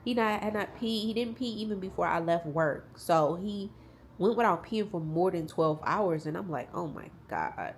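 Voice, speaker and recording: A woman's voice: medium pitch, moderate pace, a little hiss or hum. A young woman talking to her viewers at home, tearful and rambling as she talks openly about grief. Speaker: vlogger. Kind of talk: casual vlog talk to camera.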